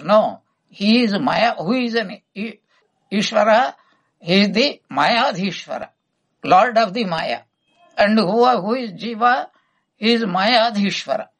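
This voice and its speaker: Guy teaching a spiritual talk, raspy gravelly voice, keeps firing rhetorical questions. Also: high-pitched, a bit bright, rough recording. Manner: emphatic, asks many rhetorical questions. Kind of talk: spiritual discourse.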